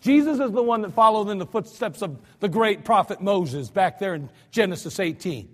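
An American male pastor preaching a storytelling sermon, swinging between soft asides and loud cries. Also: high-pitched, lively intonation, moderate pace. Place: church sanctuary. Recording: church hall reverb.

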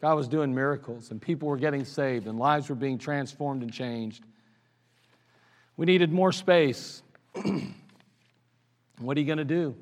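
A man with an Ohio accent, a pastor telling his church's history in an anniversary sermon, animated and laughing at his own stories. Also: mid-range voice, measured pace, long pauses. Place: church sanctuary. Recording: church service recording with long hall reverb.

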